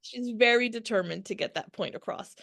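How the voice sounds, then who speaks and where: A woman in her forties, a podcast guest talking candidly in conversation, frank and quick to laugh, with frequent restarts. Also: on the high side, vocal fry, fairly bright tone.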